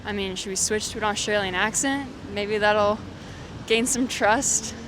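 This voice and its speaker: A woman's voice: mid-range voice, measured pace, background noise. A woman off camera bantering playfully and teasing the host.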